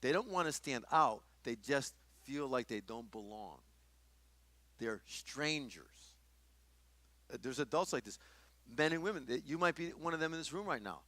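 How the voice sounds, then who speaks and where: A man's voice: medium pitch, lively intonation, moderate pace, bright, forceful tone, no room sound. A middle-aged man teaching a workshop in a conversational sermon style, often restarting his sentences. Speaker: workshop speaker.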